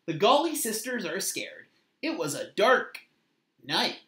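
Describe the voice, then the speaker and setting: Slow, expressive woman reading aloud. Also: medium pitch. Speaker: children's book reader. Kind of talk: storybook read-aloud. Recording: echoey room.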